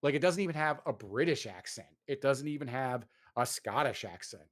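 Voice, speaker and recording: A man's voice: medium pitch, a little fast. Ranting man in casual gaming chat. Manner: animated ranting, swearing, lots of fillers.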